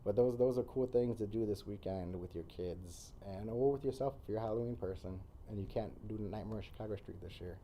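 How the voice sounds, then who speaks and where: A man's voice: fairly low pitch, brisk, few pauses, mellow, a little hiss or hum. A man talking earnestly as a podcast guest in casual conversation, repeating phrases for emphasis.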